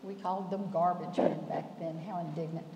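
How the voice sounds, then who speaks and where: A woman's voice: lowish voice, fairly even intonation, moderate pace, mellow, slight background noise. A woman, telling personal stories on a panel in a chatty, rambling way. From Memphis, Tennessee. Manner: chatty, restarts often, laughs between thoughts. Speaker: alumna panelist. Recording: roomy hall with long reverb.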